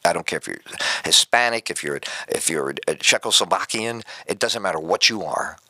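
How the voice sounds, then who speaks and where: A man's voice: sits low, moderate pace, no echo. A male radio talk show host telling a comic story as a rambling monologue and acting out the voices in it. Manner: animated, rambling storyteller who acts out voices.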